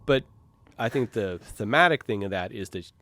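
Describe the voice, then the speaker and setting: A man's voice: on the low side, expressive, moderate pace, fairly bright tone. A man speaking as a film director, giving a loose, enthusiastic commentary full of fillers and restarts. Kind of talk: director's commentary, casual chat.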